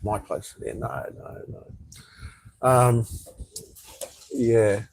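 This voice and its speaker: A man's voice: medium pitch, extremely slow, gravelly, darkish tone, a little hiss or hum, rough recording. A man with an Australian accent, rambling in a laid-back way as he chats casually on a live stream from an outdoor patio. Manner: rambling, laid-back, reads out viewer comments. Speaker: vlogger.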